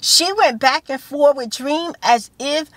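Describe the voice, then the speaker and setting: A woman with a bright, fairly high voice rambles through a story in a whispered role-play style, full of you-knows and restarts. The sound is close and dry, with no room around it. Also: slow, no echo. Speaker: vlogger. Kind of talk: casual storytelling chat.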